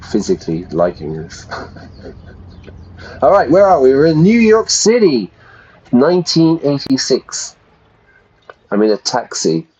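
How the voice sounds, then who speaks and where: A man's voice: lowish voice, a little mellow, a little hiss or hum. A man who teaches English, playing a game on stream and chatting casually as he explains words for learners. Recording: dull, lo-fi sound.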